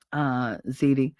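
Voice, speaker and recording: A middle-aged woman with a New York accent telling animated, profane stories in a casual chat as a show host. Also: very deep voice, no echo, studio quality. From Brooklyn, New York. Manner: animated, profane, acts out neighborhood voices.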